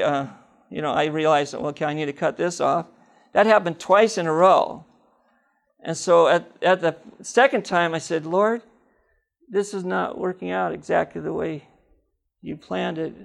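A middle-aged man telling his personal faith testimony, animated, acting out the dialogue in his story. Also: a little high, creaky.

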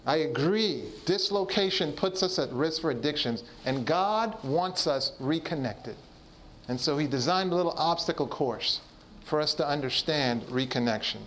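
A man's voice: on the high side, animated, normal speed, fairly bright tone, a little hiss or hum. A man preaching a sermon, putting questions to the listeners and answering them himself. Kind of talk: sermon on addiction recovery.

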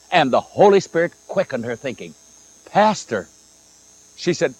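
Preacher, man, animated storyteller, pitch on the high side with wide swings. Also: measured pace, long pauses, slightly rough, low-quality recording. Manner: animated storytelling, acts out quoted dialogue. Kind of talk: old-time sermon with told stories.

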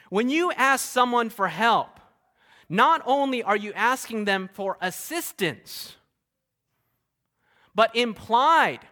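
A male pastor delivers an emphatic sermon, repeating key phrases and pausing for rhetorical questions. His voice sits very high and rings bright and forceful.

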